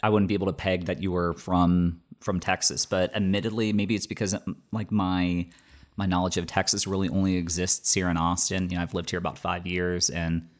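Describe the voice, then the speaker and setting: A man with a very low, deep voice talks in relaxed, easygoing chat. He rambles, circling back with fillers and restarts as he thinks aloud. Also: fairly quick. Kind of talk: casual chat.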